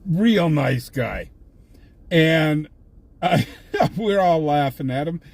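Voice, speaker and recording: A man's voice: a little high, animated, very slow, gravelly, darkish tone, no room sound. An older man, an independent reporter on a live stream, telling a long amused story in a rambling, casual way, with many restarts, from inside a vehicle. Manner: rambling, amused anecdote-teller with frequent restarts. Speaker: independent scanner-chasing reporter.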